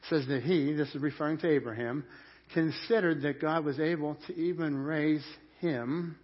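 A male pastor preaching a sermon, swinging between loud emphasis and hushed intensity. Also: mid-range voice, breathy edge. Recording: muffled lo-fi sermon recording. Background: church congregation.

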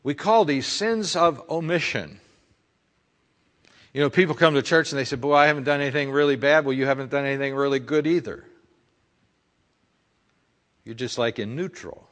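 A man's voice: medium pitch, normal speed, long pauses, in a large hall. A male pastor preaching a conversational sermon full of rhetorical questions.

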